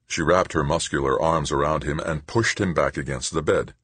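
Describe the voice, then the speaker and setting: A man narrating an audiobook with expressive storytelling. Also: rumbling low, moderate pace, husky, dry recording. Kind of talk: scripted narration.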